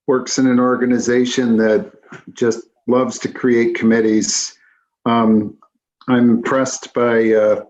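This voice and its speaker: A man's voice: mid-range voice, darkish tone. A man on a city council speaking in a meeting, frank and dry, stopping and restarting often. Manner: hesitant, many restarts and fillers. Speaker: council member. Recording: slightly dull lo-fi audio.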